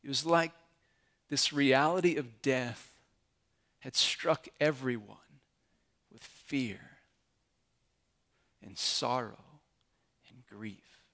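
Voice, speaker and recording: A man's voice: medium pitch, slow, long pauses, fairly bright tone. A man, a pastor giving a sermon in an earnest storytelling way that builds to emphatic climaxes.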